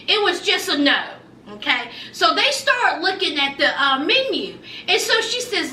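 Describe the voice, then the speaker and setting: A woman's voice: very high-pitched, sing-song, measured pace, few pauses, sharp tone, roomy sound, far from the mic, slight background noise. A woman giving a chatty, sassy recap of a reality show, talking straight to her viewers. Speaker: recap vlogger.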